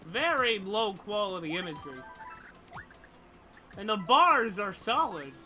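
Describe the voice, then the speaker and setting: Excitable gamer girl streaming, bright and lively, squeals a lot. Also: mid-range voice, a little slow, soft background music. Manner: chatty, excitable. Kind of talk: let's play commentary.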